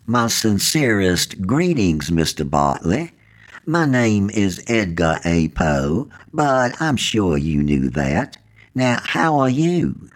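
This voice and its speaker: A soft-spoken Southern ghost of a Victorian poet, formal and unhurried, as a man puts him on in his storytelling. The voice sits low and moves through a wide, lively pitch range. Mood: courtly. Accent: Southern American. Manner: soft, formal, slow and deliberate.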